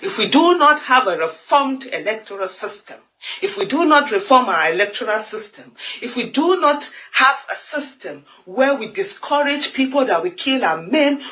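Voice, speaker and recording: A woman's voice: a little high, fairly bright tone, rough recording. A Nigerian woman with a Nigerian accent giving an impassioned political monologue, fiery and emphatic with lots of repetition. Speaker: political commentator.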